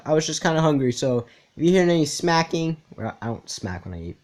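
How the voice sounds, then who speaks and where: A man's voice: on the high side, very animated, fairly quick, a little mellow. Man, casual reaction commentary, laid-back, joking interjections. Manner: laid-back, joking, says bro a lot.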